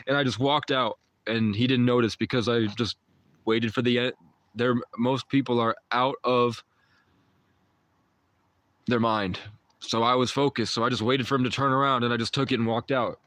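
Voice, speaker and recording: A man's voice: medium pitch, fairly bright tone, dry recording. A young man hosting a live stream, telling a rambling story to his chat and filling it with "like" and restarts. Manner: rambling, uses "like" often, trails off and restarts. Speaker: livestream host.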